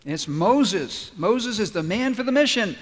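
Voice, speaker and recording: A man's voice: sits high, animated, unhurried, long reverb tail. A man preaching a sermon as pastor, telling a Bible story animatedly and acting out its dialogue. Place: large church hall.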